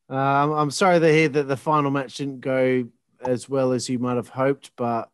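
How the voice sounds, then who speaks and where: A man's voice: medium pitch, little pitch movement, unhurried, clean tone, no room sound, studio quality. A man hosting a podcast interview, reacting to his guest with sympathy and short interjections. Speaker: podcast host. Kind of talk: casual interview chat.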